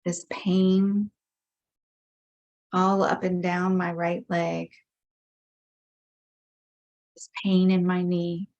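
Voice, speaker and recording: Woman, low flat voice, unhurried guided tapping script, measured repeated phrases. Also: lo-fi sound. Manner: slow, measured affirmations voicing frustration. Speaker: EFT tapping practitioner.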